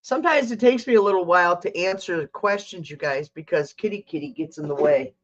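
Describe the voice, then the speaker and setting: A woman's voice: lowish voice, brisk, few pauses, muffled recording. An older woman hosting a tarot livestream, chatting casually, reading out viewer comments and talking to her cat.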